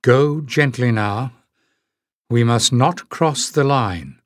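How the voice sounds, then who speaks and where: Calm wise woman guide, slow and measured, a man reading her, dry close sound. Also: medium pitch, dry recording, close to an everyday voice. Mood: solemn. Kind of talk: audiobook character voice.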